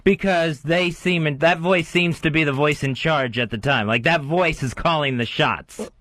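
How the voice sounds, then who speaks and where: A man's voice: a little high, a little slow, a bit bright, no room sound. A man co-hosting a talk radio show, talking in a subdued, self-critical way. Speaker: radio co-host. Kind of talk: casual talk radio chat.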